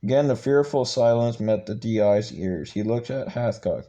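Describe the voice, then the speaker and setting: Halting man reading a book aloud. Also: medium pitch, dark tone, muffled recording. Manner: halting, stumbling reading with many restarts. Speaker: channel host reading a book.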